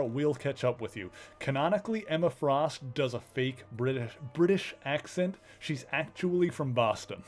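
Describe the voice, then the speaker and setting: A man's voice: medium pitch, expressive, moderate pace, few pauses, soft background music. A man casually commenting while he plays a video game, chatty and joking, with lots of filler words. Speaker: streamer. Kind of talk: casual let's play commentary.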